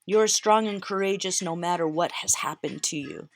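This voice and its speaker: A woman speaking on the low side at normal speed gives an emotional tarot reading over soft background music. Earnest and close to crying, she returns to the same phrases for emphasis.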